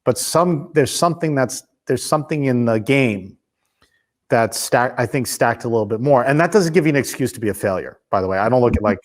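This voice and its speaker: A man's voice: medium pitch, lively intonation, brisk. A man in his fifties hosting a podcast interview, talking casually and restarting his sentences as he thinks aloud. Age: 50s. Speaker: podcast host.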